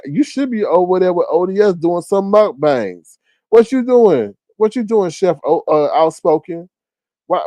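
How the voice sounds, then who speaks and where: Animated teasing man hosting a livestream. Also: no echo, rough recording. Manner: animated, teasing, jumps to high exclaiming outbursts. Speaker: live stream host. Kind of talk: casual live chat reading viewer comments. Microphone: phone.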